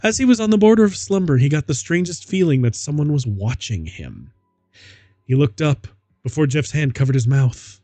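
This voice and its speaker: A man's voice: on the high side, lively intonation, normal speed, mellow, no echo, faint music behind. A man streaming himself reading a story aloud, laughing at the text and adding mocking asides. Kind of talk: casual dramatic reading.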